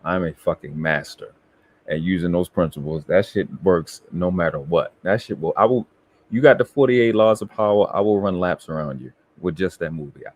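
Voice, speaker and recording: A man's voice: low voice, no room sound. Boastful, profane man on a live stream. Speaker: co-host. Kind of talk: casual live-stream chat.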